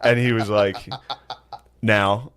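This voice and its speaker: Male podcast co-host, low-voiced, dry crude humor. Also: lively intonation, fast talker. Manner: dry, crude, acts out quotes. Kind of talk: casual comedic banter.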